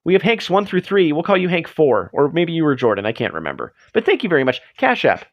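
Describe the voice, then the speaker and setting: A man's voice: on the high side, big pitch swings, fast. A man hosting a livestream, chatting casually in a rambling, self-deprecating way. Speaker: livestream host. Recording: dull lo-fi stream audio.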